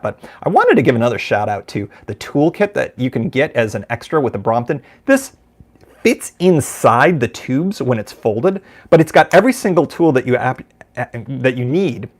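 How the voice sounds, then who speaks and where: A middle-aged American man hosting a live podcast from a room at home, talking casually in a rambling, self-deprecating way. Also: mid-range voice. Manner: rambling, self-deprecating, lots of fillers and restarts. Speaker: podcast host. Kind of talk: casual live-stream chat.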